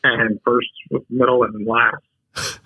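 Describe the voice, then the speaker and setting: A man, a podcast guest, telling personal stories in a humorous, unhurried, casual way. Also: medium pitch, flat delivery, bright, forceful tone, husky, no room sound. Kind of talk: casual storytelling. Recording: dry, tinny phone-like line.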